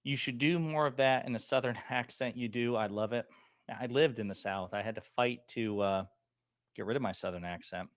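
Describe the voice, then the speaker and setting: A man hosting a live political chat stream in a loose, joking way, stopping now and then to clear his throat from a lingering cough. His voice sits in an ordinary middle pitch. The sound is dry and close, with no room echo. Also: moderate pace. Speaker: political commentary livestream host. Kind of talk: casual livestream chat, reading viewer comments.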